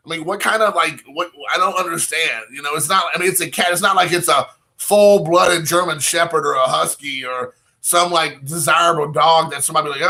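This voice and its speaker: Here a young man, talking a little fast, spins out a casual personal tale full of "like" fillers and acted-out quotes of what he and others said. The voice sits a bit high and sounds very bright and sharp.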